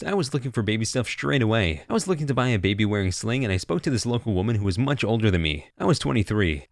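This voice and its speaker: A man narrating internet stories aloud with a brisk, lively storytelling delivery. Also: mid-range voice, no echo, clean studio sound.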